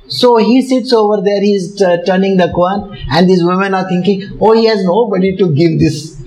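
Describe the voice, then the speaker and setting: A man's voice: sits high, low-quality recording. A man with an Indian English accent, telling a devotional story and patiently explaining its terms, often chuckling as he talks. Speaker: teacher explaining a devotional book.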